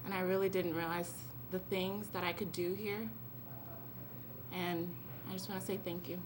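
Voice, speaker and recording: A woman's voice: lowish voice, flat delivery, moderate pace. Giggly teenage girl at a noisy ceremony. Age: late teens. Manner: giggly, rambling, breathless. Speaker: honored student. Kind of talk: tearful-happy thank-you speech. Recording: noisy event recording.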